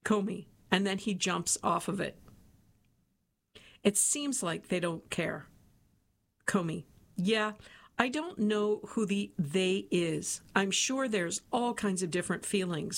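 Woman reading an interview aloud. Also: medium pitch.

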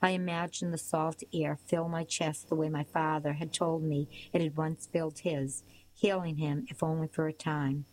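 A woman narrating an audiobook in a steady, measured storytelling voice. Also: deep voice, a little hiss or hum, poor audio.

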